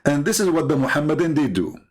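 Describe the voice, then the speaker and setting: Man hosting with a lively, mocking tone. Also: on the high side, fast talker. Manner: mocking, laughs at his own points; repeats phrases for emphasis. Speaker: call-in show host. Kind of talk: casual monologue commentary.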